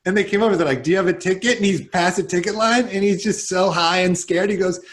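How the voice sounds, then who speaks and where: A man in his thirties hosting a podcast, chatty and quick to react with short interjections. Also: high voice, fairly bright tone. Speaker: podcast host. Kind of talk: casual podcast chat.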